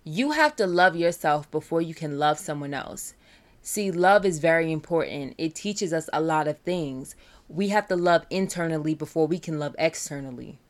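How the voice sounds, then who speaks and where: A woman's voice: sits low, lively intonation, moderate pace. A young woman, a college student, talking candidly and earnestly about mental health and self-love. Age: young adult. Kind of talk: personal talk on mental health.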